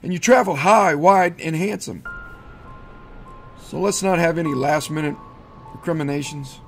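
A man voicing a sly, grinning devil who works as a train conductor, speaking in a smooth, mocking, unhurried way. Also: fairly high pitch, music in the background, lightly acted.

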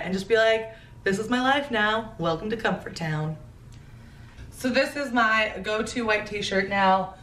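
A woman's voice: medium pitch, a bit bright, slight background noise. A woman vlogger chatting casually through a try-on haul, gushing and playful with jokey asides. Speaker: fashion vlogger. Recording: roomy echo, a bit far from the mic.

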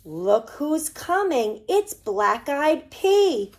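Animated woman reading to toddlers. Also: high voice, drawn-out words. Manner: animated storytelling, singsong and expressive. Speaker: children's librarian. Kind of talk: reading a picture book aloud to preschoolers. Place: library program recorded for online viewing.

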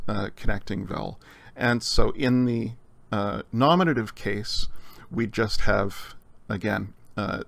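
A man teaching a recorded lesson on Greek grammar, explaining in a measured way with frequent fillers. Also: on the low side, vocal fry, fairly bright tone. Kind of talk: recorded lecture.

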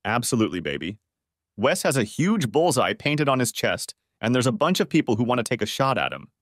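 A man narrating an audiobook, voicing a manipulative male lover in a low, curt voice. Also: very animated, a little fast, dry recording, clean studio sound. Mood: scheming.

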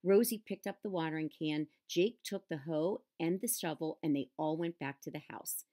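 A woman reading a children's picture book aloud and adding gentle explanatory asides. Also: sits low, normal speed. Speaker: storybook reader.

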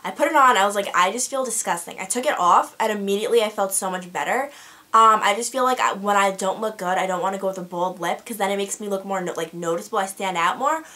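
A woman's voice: medium pitch, quick pace, sharp tone. A teenage girl chatting to camera in a beauty vlog, rambling with lots of fillers and restarts. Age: teens. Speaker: beauty vlogger. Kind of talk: casual chat to camera.

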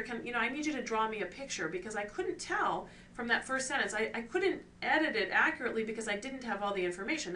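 A woman teaching an online course on scientific writing, explaining clearly and posing rhetorical questions to her students. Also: mid-range voice, sharp tone. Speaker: course instructor. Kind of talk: recorded lecture on scientific writing. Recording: distant mic with faint ambient noise.

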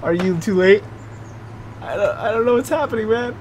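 A man's voice: sits high, moderate pace. A man giving casual gaming commentary, goofy and rowdy, trash-talking and bragging as he plays. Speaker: let's play gamer. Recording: noisy with game sound behind.

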